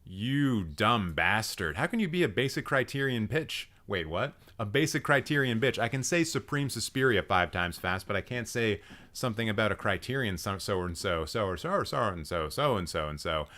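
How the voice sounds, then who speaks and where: A young man hosting a live stream, roasting viewers' film profiles with animated, profane, mock-outraged ranting and chatty asides. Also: on the low side, brisk. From Canada.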